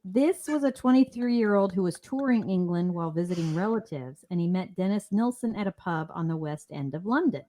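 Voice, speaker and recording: A woman's voice: on the low side, animated, brisk, hardly any pauses, dark tone. A woman in her fifties co-hosting a casual true-crime podcast, joking around between the facts. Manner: joking, slips into silly put-on voices. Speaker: podcast co-host.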